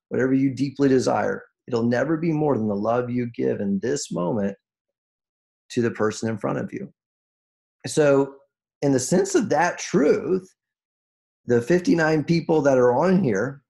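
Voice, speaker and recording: A man giving a heartfelt motivational talk on a video call, earnest and emotional, restarting his phrases and rising in pitch when moved. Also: creaky, darkish tone. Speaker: guest speaker on a group call.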